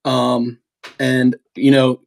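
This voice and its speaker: A middle-aged man telling a story in a casual, animated way, halting with restarts and acting out what was said. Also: mid-range voice, creaky. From eastern United States. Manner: animated, halting with restarts, acts out quoted talk. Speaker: podcast co-host telling a hunting story.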